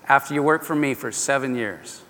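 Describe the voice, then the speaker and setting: A man's voice: medium pitch, brisk, fairly bright tone, pitched below the performer's own voice, lightly acted. A man voicing a blustering old father-in-law, a scheming herder, in a hall with a long echo. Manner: indignant, blustering.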